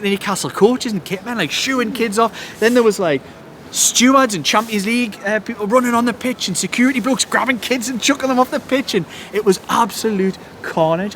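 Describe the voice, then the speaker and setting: A young man, a football journalist and podcast host, chats excitedly and tells an animated story that keeps breaking into laughter. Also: high-pitched, a little hiss or hum. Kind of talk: excited casual chat. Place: outdoors at night abroad.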